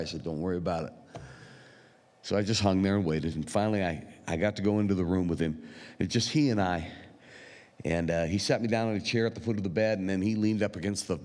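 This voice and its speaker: A man with a deep, low voice preaches to his congregation, talking like he's chatting with friends. He pauses often and fills gaps with small hesitations. His words ring out with a long reverb through a large church sanctuary. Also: a little mellow. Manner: unhurried, conversational, with frequent pauses and fillers. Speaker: pastor. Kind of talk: sermon storytelling.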